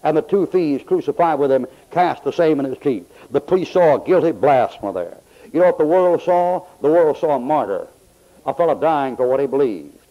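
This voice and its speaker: A man's voice: fairly high pitch, animated, normal speed. An older man preaching a sermon in a folksy, storytelling way. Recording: dull lo-fi old tape.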